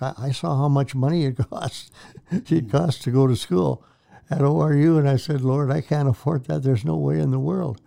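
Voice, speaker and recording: An older male minister recounts his testimony with earnest, preacherly repetition. His tone is mellow and warm, and the voice comes through smooth and resonant. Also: mid-range voice. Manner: earnest storytelling, preacherly, repeats phrases. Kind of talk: testimony in a Christian talk show interview.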